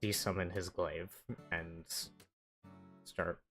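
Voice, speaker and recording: A player in a tabletop game, casual and quick to laugh as they describe their character. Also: sits low, level tone, fairly bright tone, faint music behind.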